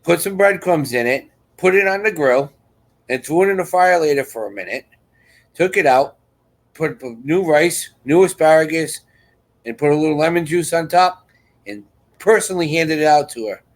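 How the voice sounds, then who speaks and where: With a higher-leaning voice and lively intonation, a man hosting a live chat speaks at normal speed on a low-quality recording. His rambling, repetitive story is full of restarted sentences and other people's lines acted out in quoted voices.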